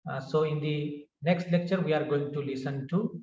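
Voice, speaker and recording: A man giving a pronunciation lecture, slowly saying each example word and repeating it for his learners. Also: fairly high pitch, fairly even intonation, dark tone, echoey room, recorded from a distance, muffled recording. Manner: slow, repeats words for learners. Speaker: teacher.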